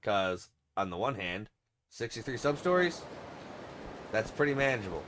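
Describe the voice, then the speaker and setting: A man hosting a let's play, full of crude jokes and teasing. His voice swings widely in pitch, and his delivery stays animated throughout. A faint hiss sits under the recording. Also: normal speed. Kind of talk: gameplay commentary.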